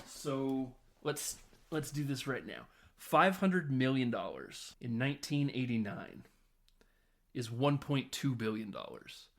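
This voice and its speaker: A man hosting a podcast, recapping a movie in a loose, animated way, laughing and swearing as he tells the scenes. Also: mid-range voice, takes it slowly. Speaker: podcast host. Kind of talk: casual film recap.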